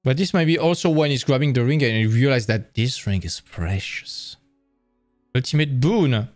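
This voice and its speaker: A man's voice: medium pitch, expressive, normal speed, no room sound, soft background music. A man presenting a live-streamed lecture, explaining in a casual, enthusiastic way with frequent restarts.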